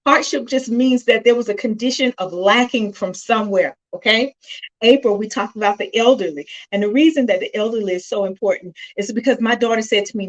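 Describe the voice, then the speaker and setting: A middle-aged woman talks to her viewers through her phone during a live stream, her voice heartfelt and at times close to tears. She speaks directly to the people watching, pausing to compose herself before going on. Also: fairly high pitch, poor audio. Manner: emotional, choking up and apologizing; warm, addresses viewers directly. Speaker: host of a self-help live stream.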